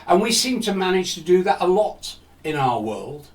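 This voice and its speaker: A man's voice: high-pitched, sing-song, moderate pace. A man in his seventies telling a personal story in a talk, reflective and asking rhetorical questions. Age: 70s. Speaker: speaker. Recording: roomy echo, distant mic.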